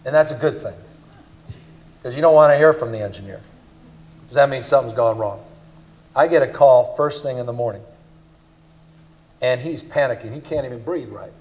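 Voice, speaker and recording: A man giving a public speech at a leadership forum, telling anecdotes in an animated, emphatic way. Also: medium pitch, poor audio. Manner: animated storyteller, emphatic and punchy. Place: conference forum.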